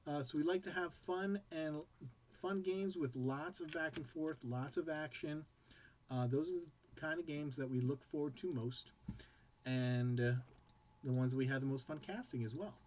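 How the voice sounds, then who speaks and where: A man's voice: a little high, a little mellow. A man hosting a casual game commentary show, chatting in a rambling way and jumping between tangents and play-by-play. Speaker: game caster and show host.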